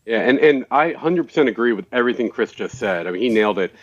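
A man's voice: medium pitch, lively intonation, quick pace. A man telling a career story on a video call, quoting the people involved. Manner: storytelling, quotes people in conversation. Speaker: panelist. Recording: dull lo-fi call audio.

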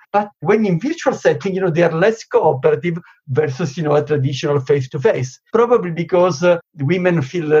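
Guy, husky slightly high voice, lots of "you know", muffled lo-fi sound. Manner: explanatory, many "you know" fillers, animated emphasis. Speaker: negotiation expert guest. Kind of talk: interview answers. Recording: dull lo-fi sound.

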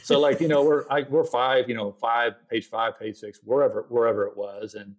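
A middle-aged man, speaking as a podcast guest in a relaxed, conversational way. He tells his story with energy and acts out his own quoted lines along the way. His voice sits in the middle range. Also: medium pitch, fairly quick. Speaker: podcast guest, agency founder. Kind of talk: casual storytelling interview.

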